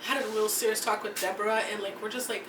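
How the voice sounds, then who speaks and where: This woman talks fast in a medium-pitched, steady voice while co-hosting a podcast about reality TV. Her chat is casual and gossipy, rambling with restarts. Music plays in the background, and the recording sounds roomy, with the mic set at a distance.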